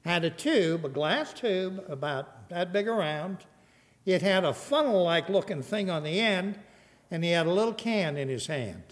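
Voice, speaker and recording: An older man preaching a sermon, animated, rising loud and then dropping to a soft hush. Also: sits high, moderate pace, long reverb tail. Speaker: pastor.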